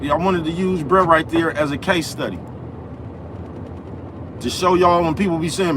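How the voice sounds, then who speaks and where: A young man hosts a livestream from outside, his voice sitting a little high. He rants in a loose, profane, repetitive way, constantly asking if you follow him. Faint traffic hums behind him. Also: moderate pace, long pauses. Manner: profane, repetitive, keeps asking "you know what I'm talking about". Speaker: livestream host. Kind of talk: ranting live-stream monologue. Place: outdoors in the cold, near traffic.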